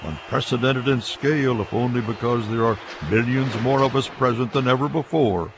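A man narrating a scripted radio meditation in a measured, deliberate, stately way. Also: medium pitch, noisy background. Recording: dull lo-fi radio broadcast.

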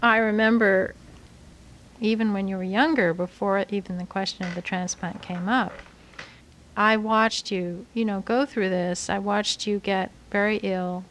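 Middle-aged mom, mid-pitched voice, slow and measured, faint background noise. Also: female voice, fairly even intonation, a bit bright, rough recording. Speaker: mother of the patient. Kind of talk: personal reflection.

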